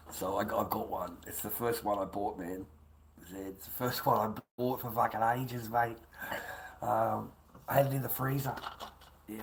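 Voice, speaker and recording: An Australian man rambling on a livestream, swearing often and swinging between loud rants and muttered whispers. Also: lowish voice, gravelly, a little hiss or hum.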